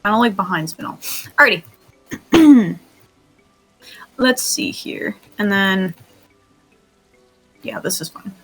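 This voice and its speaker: A woman's voice: mid-range voice, expressive, takes it slowly, pauses often, fairly bright tone, husky, faint music behind. A woman leading a group roleplay training, giggly and often laughing as she gives instructions, with bouts of coughing. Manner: coughing fits. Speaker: training host.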